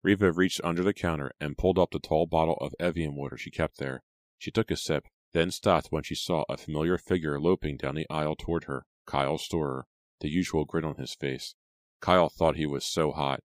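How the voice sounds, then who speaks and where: A male audiobook narrator with an extremely deep voice, telling the story in a measured, even way. The recording is close and dry, with no room sound. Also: no echo. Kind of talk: scripted narration.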